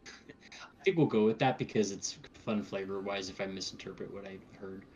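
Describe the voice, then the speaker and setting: A man's voice: deep voice, moderate pace, a little mellow, slight background noise. A man playing in a tabletop game, chatting playfully and often stumbling over his words. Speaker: player. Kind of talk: casual tabletop play. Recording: slightly dull, lo-fi mic.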